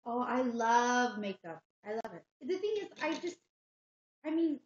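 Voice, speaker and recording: A woman's voice: on the high side, lively intonation, measured pace, reverberant, dull audio. A woman co-hosting a casual makeup livestream, enthusiastic and repeating herself as she gushes. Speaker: livestream co-host.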